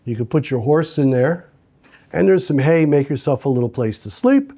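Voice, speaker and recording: A man's voice: on the high side, lively intonation, normal speed. A man voicing a stern male town gatekeeper who speaks curtly and dismissively in a told story. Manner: curt, sharp, dismissive.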